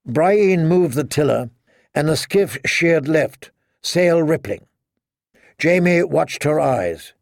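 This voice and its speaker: A man narrating a story as an audiobook reader, in a steady, measured reading style. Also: fairly high pitch, vocal fry, no room sound, studio quality. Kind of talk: scripted narration.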